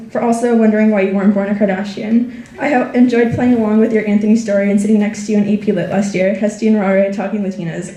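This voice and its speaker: A woman's voice: mid-range voice, mellow, roomy sound, distant mic. A teenage girl reading a heartfelt senior speech to her friends and family, close to tears. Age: teens. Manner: heartfelt, reading thank-yous. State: tearful, near crying. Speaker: graduating student. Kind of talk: senior speech read aloud.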